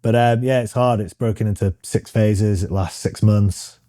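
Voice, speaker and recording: A man's voice: lowish voice, fairly even intonation, normal speed, dark tone, dry recording, studio quality. A British man in his thirties, a guest in an interview, talking frankly with many ums and restarts. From Britain. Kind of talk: casual interview chat.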